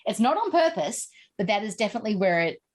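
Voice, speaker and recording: A woman hosting a podcast, chatting casually and excitedly about horror films, with plenty of "like" and mild swearing. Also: mid-range voice, fast talker. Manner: chatty, animated, swears for emphasis. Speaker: podcast host. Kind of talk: casual chat.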